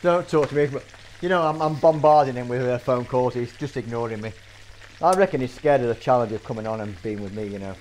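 Hosting a casual cooking demonstration in a school kitchen, a man chats, gives instructions, and banters with his guest. He speaks at medium pitch and a little fast.

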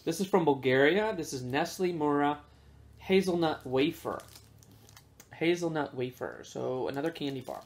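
A man casually reviewing snacks with his kids in a relaxed, chatty way, with plenty of fillers. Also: a little high, moderate pace.

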